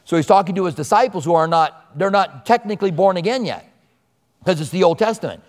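A man's voice: high voice, expressive, fairly quick. A man preaching a sermon to a church congregation in a conversational way, mixing scripture with personal stories. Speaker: pastor. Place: church service before a congregation. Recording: long hall reverb.

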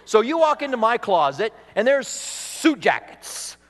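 A male pastor preaches in a chatty, self-deprecating way, breaking into laughs at himself. His voice sits high for a man. It echoes with the long reverb of a large church hall. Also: big pitch swings, a little slow, fairly bright tone. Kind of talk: sermon.

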